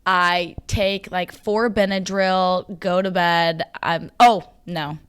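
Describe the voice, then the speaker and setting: A young woman co-hosting a podcast, telling a story in casual chat, laughing and at times dropping to a low mutter. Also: steady tone, slow, fairly bright tone, clear, resonant tone. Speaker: podcast co-host.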